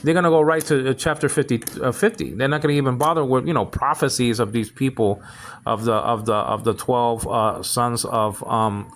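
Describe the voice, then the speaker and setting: Male teacher leading a relaxed Bible Greek lesson; stop-start delivery with many restarts. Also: medium pitch, a little hiss or hum. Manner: halting, full of restarts and repeated words; keeps asking "you understand what I'm saying?".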